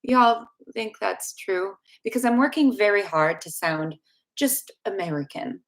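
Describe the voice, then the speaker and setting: A woman's voice: mid-range voice, animated, unhurried. A young woman from the Chicago area with a Chicago accent, chatting casually and rambling with restarts as she hosts a livestream Q&A. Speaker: dental hygiene channel host. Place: home room with space heater.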